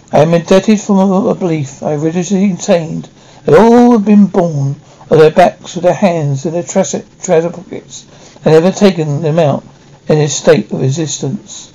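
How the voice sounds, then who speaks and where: A man reading a classic novel aloud, halting now and then to restart a word. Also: on the high side, mellow, low-quality recording. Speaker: audiobook reader.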